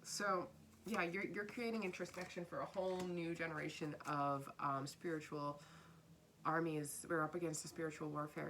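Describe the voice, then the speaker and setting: A woman's voice: on the low side, normal speed, fairly bright tone, a little hiss or hum. A woman giving a casual spiritual tarot reading, earnest and repeating her phrases, sometimes dropping to a whisper. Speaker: tarot reader.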